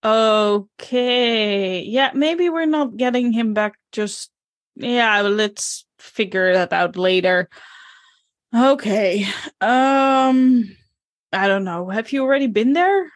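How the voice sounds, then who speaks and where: A woman's voice: fairly high pitch, slow pace, no echo, clean studio sound. A woman speaking as her character in a tabletop role-playing game, hesitant with many fillers.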